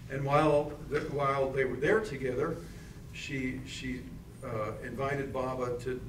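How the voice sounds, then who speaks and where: A man's voice: medium pitch, steady tone, unhurried, background noise. A man, a musician, introducing songs at a live concert with rambling anecdotes. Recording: roomy, distant mic, music.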